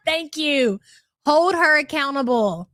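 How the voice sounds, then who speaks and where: A woman's voice: sits high, sing-song, slow pace, pushed and bright, no room sound. A woman hosting a commentary livestream, reading super chats aloud in a sarcastic, incredulous, teasing way. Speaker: commentary channel host.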